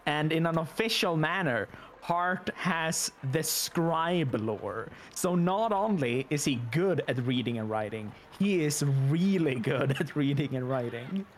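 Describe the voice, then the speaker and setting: Brief: male tabletop player, slightly high voice, very slow and lively. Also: a little hiss or hum. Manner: slow, drawn-out explaining. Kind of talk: tabletop game play.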